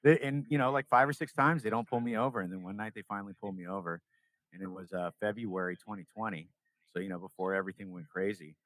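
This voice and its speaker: Low-voiced man telling a story. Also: fast, no echo, poor audio. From California, US. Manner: animated storyteller acting out dialogue. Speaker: podcast guest. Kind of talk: casual storytelling interview.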